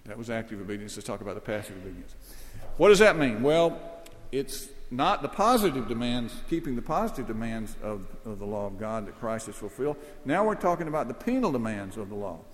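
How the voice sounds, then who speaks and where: A man preaches a sermon in a church, with a mid-range voice and long reverb trailing through the hall. His delivery is earnest, swelling to emphatic peaks and then dropping to low, quiet stretches. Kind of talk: expository sermon.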